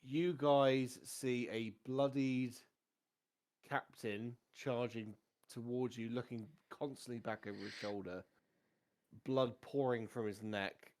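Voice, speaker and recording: A man, narrating a tabletop game as game master in a relaxed, chatty way. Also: medium pitch, slow.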